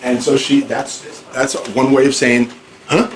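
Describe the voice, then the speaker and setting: Distant teacher in an echoey classroom. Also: male voice, mid-range voice, level tone, a little slow. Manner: informal, repeats and restarts, acts out examples. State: hard of hearing. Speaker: ESL teacher. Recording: echoey room, far from mic, faint noise.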